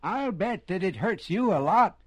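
A man's voice: sits high, expressive, a little slow, a bit bright, husky, no room sound, pitched above the performer's own voice, full character voice. A man voicing a sly little rabbit. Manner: mock-sorrowful, coaxing and sly. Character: small clever male rabbit, sly and calm. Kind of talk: storybook reading. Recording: music playing behind.

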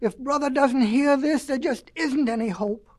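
A woman's voice: high voice, normal speed, darkish tone, big-room sound, pitched above the performer's own voice, natural voice. A woman voicing two little boy pigs in a storybook reading, taunting them in a sing-song chant. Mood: desperate.

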